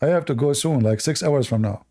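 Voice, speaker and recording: A man's voice: mid-range voice, fairly quick, warm tone. A man with a non-native English accent hosting a livestream and giving sarcastic, mocking commentary. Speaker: livestream debate host.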